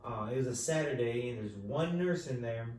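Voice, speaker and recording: A man hosting a podcast, telling a story in relaxed casual chat, swearing and saying "dude" over and over. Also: mid-range voice, moderate pace. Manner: relaxed, profane, says "dude" constantly. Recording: echoey room, distant mic, faint noise.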